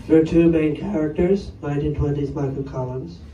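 A man's voice: on the high side, fairly even intonation, brisk, lo-fi sound. A man doing a stand-up set on a comedy club stage, chatting wryly with the crowd between jokes. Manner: rambling, wry, chatty with the audience. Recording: roomy live club sound from far off. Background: audience laughter.

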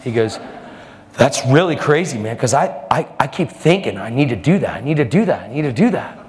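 A man preaching a storytelling sermon, animated, acting out the people in his stories with sudden jumps in pitch. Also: fairly quick, a little hiss or hum. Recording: long hall reverb, faint music.

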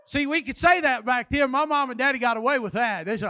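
Older male preacher, very high and bright voice, folksy and emphatic delivery in church. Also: fast talker. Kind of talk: sermon.

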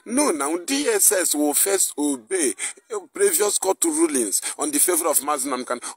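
Brief: husky, animated man, indignant political commentator, dry close sound. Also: fairly high pitch, dry recording. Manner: indignant, fires rhetorical questions. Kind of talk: impassioned political rant.

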